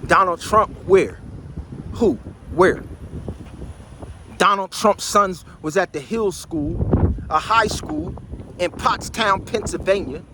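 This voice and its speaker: A New man in his sixties holds forth outdoors in a loud, boastful street monologue, firing off rhetorical questions. His voice sits high for a man. Faint traffic hums behind him. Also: measured pace. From New Jersey. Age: high school in 1975, so 60s.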